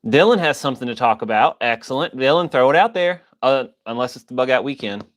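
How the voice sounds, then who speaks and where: A man's voice: medium pitch, expressive, fast. A man hosting a casual livestream, loosely joking and greeting viewers by name, with a slight wheeze in his voice. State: coughing, a bit wheezy. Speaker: livestream host reading chat.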